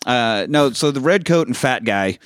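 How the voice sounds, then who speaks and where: Male podcast host, mid pitch, loose and profane, laughs through his film recap. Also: lively intonation, normal speed, no room sound. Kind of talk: casual movie recap chat.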